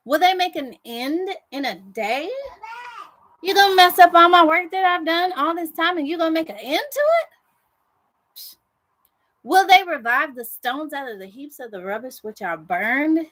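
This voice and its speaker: A woman voicing a scornful male enemy spirit who taunts with rapid-fire questions. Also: very high-pitched, expressive, a bit bright, voice pushed up, full character voice.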